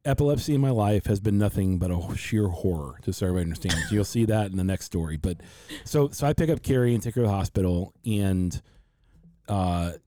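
A man's voice: sits low, expressive, brisk, noisy background. A man co-hosting a podcast, earnestly telling a frightening family story and acting out what others said. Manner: earnest, quotes others animatedly. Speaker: podcast co-host. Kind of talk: emotional storytelling.

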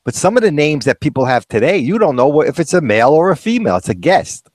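A man's voice: a little high, very animated, fast talker, no room sound. A man co-hosting a casual chat, telling anecdotes with chuckles and acting out quoted voices. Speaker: co-host.

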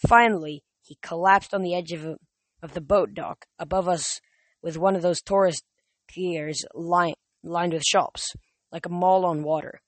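A casual audiobook narrator reading a first-person adventure in an even middle pitch, often tripping over words and going back to fix them. The sound is dry and close, with no room around it. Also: measured pace, dry recording. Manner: casual, with frequent slips and restarts.

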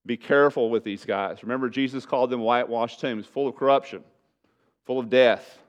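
Guy pastor preaching, smooth clear voice, hammers on his points, kinda dull lo-fi church recording. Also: mid-range voice, fairly even intonation, brisk. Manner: emphatic, repeats key phrases. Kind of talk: sermon. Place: church sanctuary.

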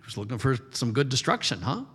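A man's voice: medium pitch, fairly quick, breathy edge. A pastor in his fifties preaches in an easy, conversational way and brings his stories to life. His voice sits in a middle range. A long hall reverb trails his words. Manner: conversational, animated storytelling. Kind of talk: sermon.

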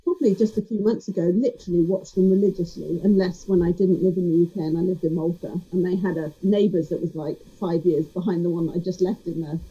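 A woman's voice: lowish voice, fairly even intonation, quick pace, few pauses, warm tone, slightly rough. A woman hosting an interview, chatting in a friendly, talkative way with rambling asides. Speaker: host. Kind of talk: casual interview chat. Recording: dull lo-fi sound.

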